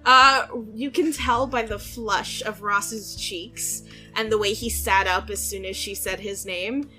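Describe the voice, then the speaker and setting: A woman narrating a tabletop game as game master with unhurried, descriptive narration. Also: mid-range voice, steady tone, pushed and bright, faint music behind.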